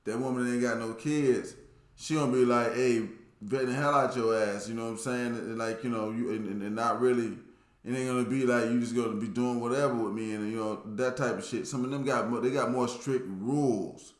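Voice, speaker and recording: A man's voice: medium pitch, steady tone, fairly quick. Brief: male host, casual reaction talk, rambling slang, roomy echo. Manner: rambling, filler-heavy slang.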